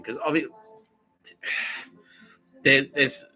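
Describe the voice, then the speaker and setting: A man's voice: medium pitch, moderate pace, long pauses, sharp tone, faint music behind, poor audio. A man hosting a podcast, telling a rambling personal story full of swearing, fillers and nervous laughs. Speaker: podcast host.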